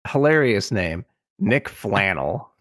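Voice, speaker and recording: A man's voice: lowish voice, slow pace. Laid-back Midwestern man recapping a film. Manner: relaxed storyteller, recaps with asides. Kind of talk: casual podcast recap.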